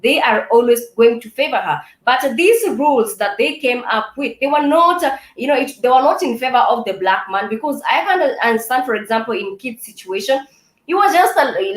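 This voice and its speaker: A woman hosting a talk-show discussion in a measured, hesitant way with many fillers. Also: fairly high pitch, roomy sound, low-quality recording. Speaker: host.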